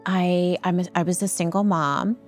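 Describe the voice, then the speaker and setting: A woman telling a heartfelt story in an interview, earnest and halting, with frequent ums and restarts. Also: lowish voice, fairly even intonation, a little mellow, faint music behind. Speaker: nonprofit founder and guest.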